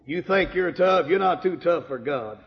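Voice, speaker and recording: A man's voice: fairly high pitch, lively intonation, moderate pace, creaky. A man preaching his life testimony in a church, telling it with strong emotion and quoting dialogue. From Michigan. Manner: emotional storytelling, rising to cries at peaks. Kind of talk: sermon testimony. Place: church sanctuary. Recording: dull lo-fi sound in a reverberant hall.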